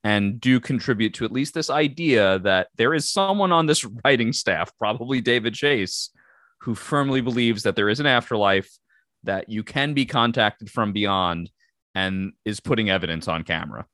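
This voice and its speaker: A man co-hosting a podcast, discussing a TV episode in a measured, analytical way. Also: lowish voice, a bit bright, no room sound, studio quality. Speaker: podcast co-host.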